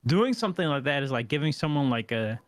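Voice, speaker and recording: A man with a slightly higher voice muses loosely as a podcast host, dropping casual profanity. The sound is dry and close, with no room around it. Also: big pitch swings, fast talker, dry recording.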